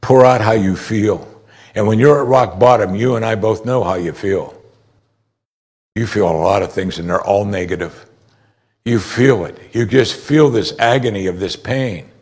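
A man delivering a sermon in a conversational way, his voice a little husky. He explains passages patiently, then climbs high in pitch when he presses a point hard. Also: normal speed, darkish tone. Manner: conversational preaching, rises sharply when emphatic. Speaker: pastor.

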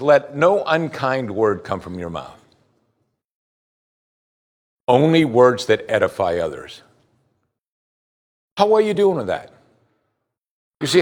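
A middle-aged pastor preaching a sermon, reading scripture aloud and putting pointed questions to his listeners. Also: sits high. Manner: asks the congregation pointed questions; reads scripture aloud between remarks.

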